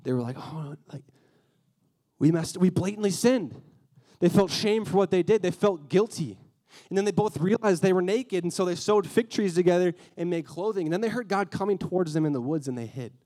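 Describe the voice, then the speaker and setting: Young man preaching casually, higher voice. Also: expressive, brisk, mellow. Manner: casual, earnest preaching with slang and acted-out quotes. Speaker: youth speaker. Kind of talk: sermon.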